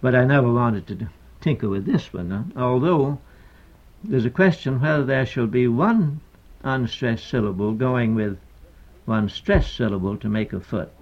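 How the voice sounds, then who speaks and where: In a mid-range voice, an older poet works through a lecture on meter, deliberate and halting, with plenty of pauses and fillers. It survives as a dull, lo-fi archival recording.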